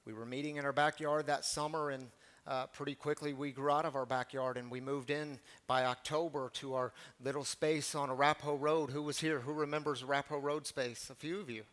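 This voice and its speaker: A man's voice: medium pitch, flat delivery, a little fast, fairly bright tone. A male pastor from Missouri giving a conversational, storytelling sermon to his congregation, with asides to the listeners.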